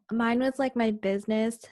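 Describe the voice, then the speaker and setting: A woman's voice: fairly high pitch, darkish tone, dry recording, clean studio sound. A young woman co-hosting a podcast, speaking frankly and casually about her business. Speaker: podcast co-host. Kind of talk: casual chat.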